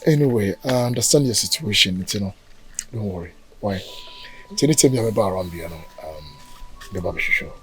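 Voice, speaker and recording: Fields: a man playing a smooth-talking Ghanaian flirt. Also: lowish voice, lively intonation, brisk, close to an everyday voice, rough recording. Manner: smooth-talking, reassuring, persistent. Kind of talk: Ghanaian drama acting, mixing Twi and English.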